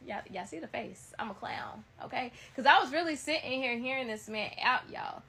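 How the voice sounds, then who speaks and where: Sassy, gravelly-voiced storytelling woman. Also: a little high, moderate pace, few pauses, a little hiss or hum. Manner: animated, sassy, talks to viewers as "y'all". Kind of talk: casual storytime narration.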